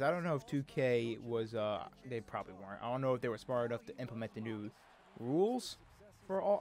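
Male game commentator, casual, prone to exasperated complaints, average pitch.

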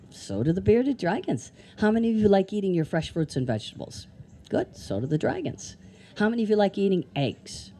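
A woman's voice: mid-range voice, dark tone, a little hiss or hum. A woman presenting animals at a live children's show, chatty and playful, asking the kids lots of questions. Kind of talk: live educational talk to kids. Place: outdoor amphitheater.

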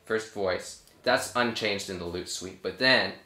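A young man, a cellist, explaining a piece in a relaxed, casual way with frequent fillers. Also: deep voice, a little slow. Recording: echoey room with cello playing.

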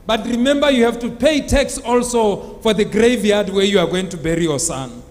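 A man's voice: high-pitched, normal speed, long reverb tail, natural voice. A man playing a cold, scornful tax collector. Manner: dismissive and scornful. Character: hard-hearted middle-aged tax collector, dismissive.

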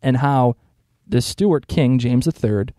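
On a clean, dry studio recording, a man with a dark, mid-range voice speaks slowly. He co-hosts a laid-back history podcast, mixing jokes and frequent laughter into his explanations.

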